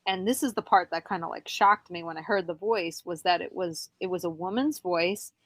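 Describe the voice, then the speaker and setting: On the low side and recorded with no room sound, this young woman's voice belongs to a podcast guest. She tells her own paranormal story in a halting way, livening up when she quotes what she said.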